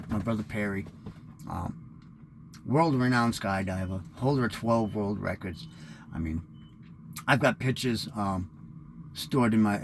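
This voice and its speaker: A man's voice: mid-range voice, slight background noise. A man in his fifties rambling through a candid, profane personal monologue as host of his own show. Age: 50s.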